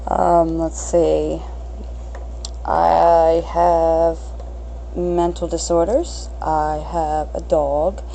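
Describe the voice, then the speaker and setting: A blunt woman in her thirties rambles through an unscripted solo podcast, swearing freely. Her voice is low and dark, with a gravelly fry. A faint hiss of room noise sits under it. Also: flat delivery, extremely slow, long pauses, poor audio. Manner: crass, blunt, self-mocking, swears freely. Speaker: podcast host.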